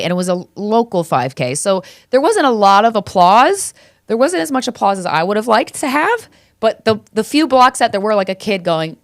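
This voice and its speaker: A woman's voice: on the low side, very animated, normal speed, no echo, clean studio sound. A woman in her thirties hosting a podcast, telling stories in a casual, chatty way, swearing freely and laughing often. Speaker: podcast host. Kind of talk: casual comedic monologue.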